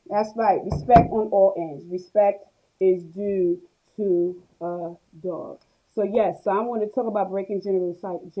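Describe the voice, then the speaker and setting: A woman's voice: lowish voice, muffled recording. A woman, hosting a live stream where she reads viewer comments aloud and answers them with laughter. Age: 40s. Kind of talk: casual live stream talk.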